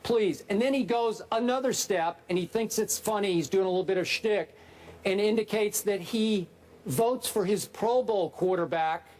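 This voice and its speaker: A man's voice: sits high, darkish tone. A man co-hosting a sports debate show in a TV studio, sounding indignant and exasperated.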